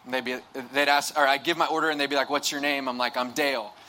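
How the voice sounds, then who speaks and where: A man's voice: mid-range voice, fairly even intonation, fast talker, bright, forceful tone, a little hiss or hum. A young man speaking to a live audience, telling a humorous, self-deprecating story in a sermon, with many restarts and asides. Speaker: campus ministry speaker.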